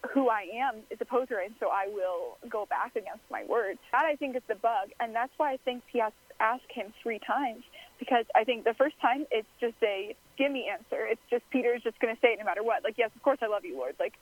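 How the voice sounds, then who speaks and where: Thoughtful woman, higher voice. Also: brisk, low-quality recording. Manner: thoughtful, many fillers and restarts. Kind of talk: casual chat.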